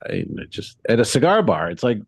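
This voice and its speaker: Low-voiced man, dry close sound. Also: big pitch swings, fairly quick, breathy edge, no room sound. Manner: laughs often, complains with mock outrage. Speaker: podcast co-host. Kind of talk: casual chat.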